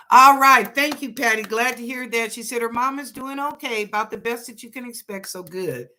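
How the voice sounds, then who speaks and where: Hosting a live broadcast, this psychic reader offers fast readings to viewers, sounding homespun, talkative and comforting, with frequent laughter. The voice sits at medium pitch and comes across pushed and bright.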